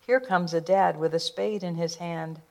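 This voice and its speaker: Woman, storybook reader, lowish voice, rhythmic, expressive. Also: normal speed, gravelly. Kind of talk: reading a rhyming picture book aloud.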